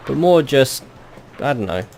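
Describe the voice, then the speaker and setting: A man's voice: medium pitch, very animated, unhurried, creaky, a little mellow, a little hiss or hum. A man giving casual gameplay commentary with dry, wry asides and the odd crude joke. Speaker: let's play host.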